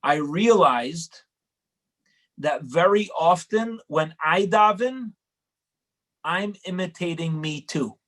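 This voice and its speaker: Humble elderly rebbe, earnest and plain, as a teacher quotes him. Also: male voice, a little high, lively intonation, slow, pauses often, a bit bright.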